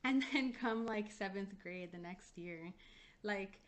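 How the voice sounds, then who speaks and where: Speaking slowly in a mid-range voice, a young woman co-hosting a podcast shares stories in relaxed conversation. She leans heavily on "like" and lets a swear word slip now and then.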